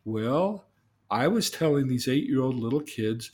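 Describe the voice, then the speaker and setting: A man's voice: mid-range voice, expressive, unhurried, darkish tone. Earnest man telling personal stories. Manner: earnest, repeats himself, asks leading questions. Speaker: guest telling life stories. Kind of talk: casual personal storytelling.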